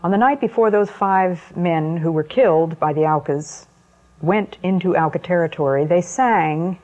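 A woman preaching an evening sermon talk in a slow, deliberate manner, with weighty pauses between phrases. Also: on the low side. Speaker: Christian speaker. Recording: muffled lo-fi recording.

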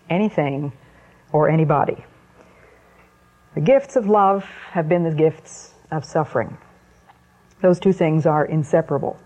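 A woman preaching an evening sermon talk in a slow, deliberate manner, with weighty pauses between phrases. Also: lowish voice, a little mellow. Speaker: Christian speaker. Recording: muffled lo-fi recording.

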